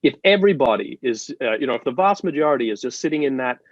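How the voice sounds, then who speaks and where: A man from Australia, a guest in an interview, explaining ideas in an animated, storytelling way with many restarts. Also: medium pitch, quick pace, no room sound, dull audio. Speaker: marketing guest. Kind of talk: interview conversation.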